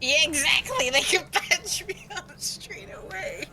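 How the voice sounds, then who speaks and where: A woman playing her character in a tabletop game, animated and playful, swearing casually. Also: extremely high pitch, a little slow. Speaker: player. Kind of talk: casual tabletop role-play.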